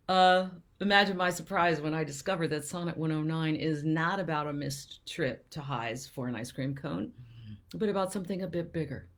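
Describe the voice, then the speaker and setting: A woman poet hosting a live show, chatting and reading verse aloud, often sinking into soft near-whispers with bright upward lifts. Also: low-pitched, normal speed. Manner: lets phrases sink into soft near-whispers. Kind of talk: live-streamed poetry talk and reading.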